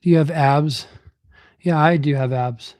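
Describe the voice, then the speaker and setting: In an unhurried voice on the high side with a darkish tone, a livestreaming man casually answers viewers. He's working out between comments, keeping the banter easygoing and laid-back.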